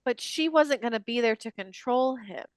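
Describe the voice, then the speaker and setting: A woman's voice: a little high, expressive, moderate pace, no room sound, studio quality. A woman co-hosting a podcast, discussing a film in casual chat and pointing out its flaws wryly. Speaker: podcast co-host.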